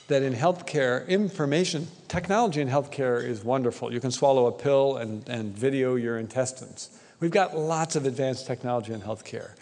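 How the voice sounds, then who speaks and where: A man's voice: mid-range voice, darkish tone. A man giving a conversational conference talk, often tagging his points with a question to the audience. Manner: conversational, keeps asking "right?". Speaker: conference speaker. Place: conference hall. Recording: echoey conference hall.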